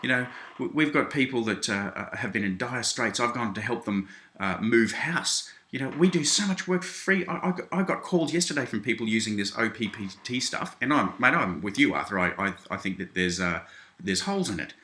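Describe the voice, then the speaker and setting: Indignant Australian man, bright voice, echoey room. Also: mid-range voice, animated, fairly quick. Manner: indignant, keeps saying "mate", many restarts. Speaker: video blogger responding to critics. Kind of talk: casual direct-address rant. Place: small home office.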